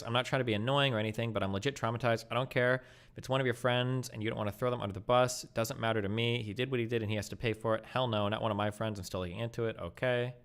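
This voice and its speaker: A man casually reading text messages aloud and reacting with quick, offhand asides. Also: lowish voice, clear, resonant tone.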